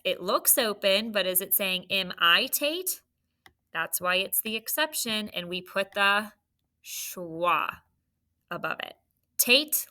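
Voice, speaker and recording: A woman's voice: medium pitch, pushed and bright. A woman teaching a phonics lesson to young children, patient and encouraging as she sounds out letters and syllables. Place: classroom.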